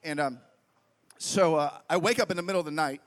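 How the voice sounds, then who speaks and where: A young adult man preaching a sermon in an animated, conversational way, telling stories and often asking "right?". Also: a little high, a little fast. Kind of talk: sermon with storytelling.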